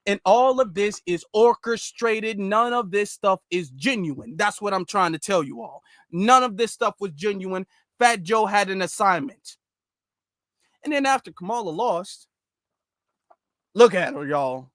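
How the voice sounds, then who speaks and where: A man hosting a commentary channel, ranting in an animated, repetitive storytelling way. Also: sits high, normal speed, no room sound, studio quality.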